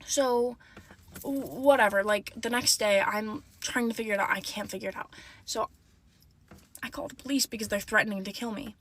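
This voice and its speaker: A woman's voice: mid-range voice, normal speed, fairly bright tone. A woman telling a casual storytime from inside a car, rambling and full of "like" and "you know.".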